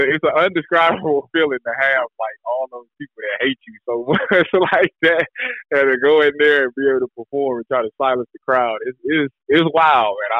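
A man guest on a sports talk show, speaking loosely with easy laughs and drawn-out sentences. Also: mid-range voice, dry recording, phone-quality sound. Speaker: guest, former defensive back. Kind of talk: casual interview talk.

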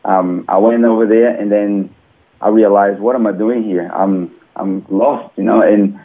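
A man from Brazil, telling his personal testimony in an earnest, animated way with small grammar slips. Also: on the low side, a little slow. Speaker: interview guest. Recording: tinny phone line.

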